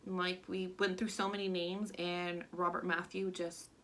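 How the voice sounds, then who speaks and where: A woman's voice: fairly low pitch, flat delivery, unhurried, fairly bright tone. A young woman who is a stay-at-home mom, chatting candidly through a Q&A vlog and using lots of "like" fillers. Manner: chatty and candid, many "like" fillers, gets emotional. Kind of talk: casual Q&A vlog chat.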